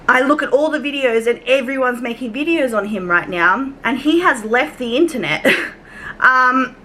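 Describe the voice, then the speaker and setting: A woman's voice: a little high, sharp tone, slight background noise, rough recording. A young Australian woman telling a storytime rant in a casual, chatty way, swearing, wandering off on tangents and acting out her conversations. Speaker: YouTube commentary vlogger.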